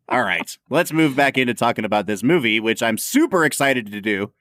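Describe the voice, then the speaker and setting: A man on a film podcast talks in an animated, opinionated way, his pitch rising and falling widely. He laughs often, and his voice sits close to the mic in a dry, dead room. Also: no room sound. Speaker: podcast co-host. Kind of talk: casual film chat.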